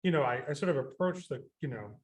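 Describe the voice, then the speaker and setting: A man with a slightly high voice talks fast, a composer giving a radio interview; he rambles, restarts often, leans on fillers, and gets animated when quoting himself.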